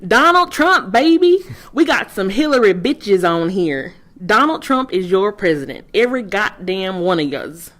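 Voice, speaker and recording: Woman doing a loud brash redneck man. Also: mid-range voice, sing-song, measured pace, few pauses, pitched above the performer's own voice. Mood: brash gloating. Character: rowdy gloating male redneck plane passenger.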